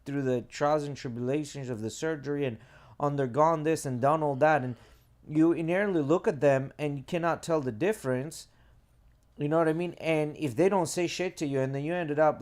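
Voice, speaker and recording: A man's voice: fairly high pitch, a little fast, a little mellow. A man co-hosting a casual podcast chat, rambling and filling his sentences with "like" and "you know.". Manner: rambling, leans heavily on filler "like" and "you know". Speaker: podcast co-host.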